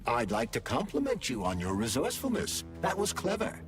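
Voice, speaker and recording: Cool clinical male AI, very animated intonation, game voice. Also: mid-range voice, over music. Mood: analytical. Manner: measured, formal, clinical. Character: calm analytical male AI companion.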